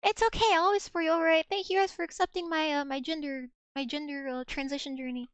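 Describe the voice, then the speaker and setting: High girly vtuber woman, rambly, restarts a lot, pokes fun at herself. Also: steady tone, no echo. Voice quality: high, soft girlish voice. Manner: rambling, self-mocking, quick restarts. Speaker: VTuber streamer. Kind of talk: casual live-stream chat.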